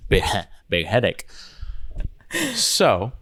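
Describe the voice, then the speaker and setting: A man's voice: on the low side, huge pitch swings, very slow, a bit bright. A man co-hosting a podcast in casual chat, telling loose stories full of "like" and swearing. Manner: loose, swearing storyteller, heavy use of "like". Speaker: podcast co-host.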